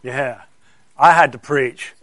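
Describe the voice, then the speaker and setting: A man's voice: medium pitch, takes it slowly, noisy background. A middle-aged man, a pastor telling a story to children and asking them questions as he goes. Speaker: pastor giving a children's sermon.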